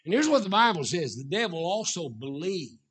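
A middle-aged man preaching a sermon as a Baptist preacher, swinging from shouted emphasis to low asides. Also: very animated, fairly quick, breathy edge.

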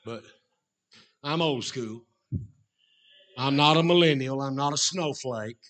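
At a slow pace, a middle-aged man preaches as a Baptist minister, his sermon alternating between loud, shouted points and hushed asides.

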